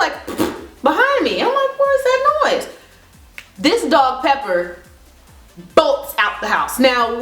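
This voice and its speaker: A high-voiced woman tells a story in an animated, expressive way, laughing as she goes. Her voice rings in a roomy, echoey space, with faint music behind. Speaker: beauty vlogger. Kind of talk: casual storytelling vlog.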